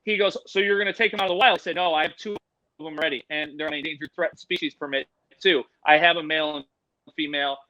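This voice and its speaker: Casting: middle-aged man, high bright voice, a lively swearing storyteller, dry close mic. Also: quick pace, dry recording, muffled recording. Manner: animated, swears freely, acts out voices in his stories. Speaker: podcast guest, animal educator. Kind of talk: casual storytelling.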